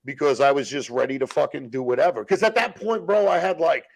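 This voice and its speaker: A man telling rough stories as a podcast guest, in blunt, profane street slang. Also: a little high, a little fast. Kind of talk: casual storytelling.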